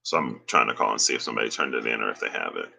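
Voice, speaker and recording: A man casually recounting a dream, relaxed and slangy, chuckling now and then. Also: rumbling low, rapid-fire, creaky, slightly rough. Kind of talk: casual storytelling.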